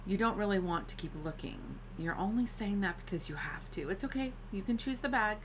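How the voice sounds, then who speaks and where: A woman's voice: mid-range voice, expressive, fairly quick, background noise, lightly acted. A woman reading the coaxing, persuasive lines of a sinister voice that comes from a cursed bag in a game.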